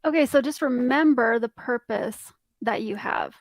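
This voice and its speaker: A high-pitched woman speaking as a life coach in a loose podcast chat. She is upbeat and talkative and laughs often between points. The sound is dry and close. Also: normal speed, no echo, rough recording. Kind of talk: casual motivational podcast chat.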